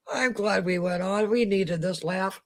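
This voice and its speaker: Slow-talking, giggly Midwestern woman. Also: medium pitch. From Midwestern United States. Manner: giggly, breaks into laughter often. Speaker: co-host of a live chat stream. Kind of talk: casual late-night chat.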